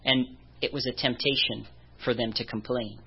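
A preacher giving a conversational sermon, chuckling softly now and then. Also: medium pitch, steady tone, normal speed, breathy edge. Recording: dull lo-fi recording.

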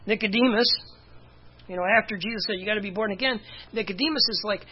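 A man's voice: sits high, fairly quick, slightly rough, highs cut off. A man preaching a casual, conversational sermon as pastor, with chuckles and asides.

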